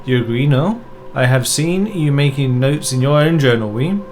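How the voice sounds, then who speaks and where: A man's voice: medium pitch, animated, moderate pace, music in the background, natural voice. A man voicing a formal French male debunker of mystics in a put-on French accent, sprinkling in French words.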